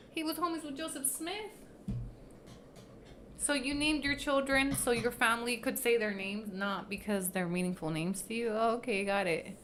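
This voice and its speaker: A woman's voice: fairly high pitch, normal speed, a bit bright, slight background noise. A woman livestreaming in casual chat, blunt and profane, teasing and laughing often, slipping into Spanish phrases.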